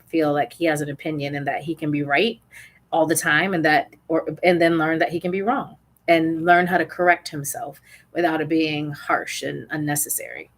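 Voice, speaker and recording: A young adult woman and parent coach, candidly telling a personal parenting story with small restarts. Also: low-pitched.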